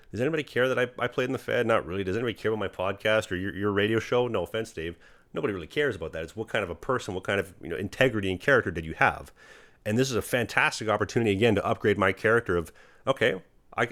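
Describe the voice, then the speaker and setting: Fast-talking young man, earnest podcast host. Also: on the low side, a bit bright, dry recording. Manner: earnest, rambling, motivational, fast with fillers. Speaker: podcast host, hockey goalie. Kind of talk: casual podcast chat.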